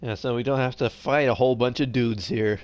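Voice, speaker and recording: A man's voice: medium pitch, steady tone, brisk, darkish tone, dry recording. Tired, rambling male game streamer. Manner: rambling, reads game text aloud, trails off mid-sentence. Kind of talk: casual live gameplay commentary.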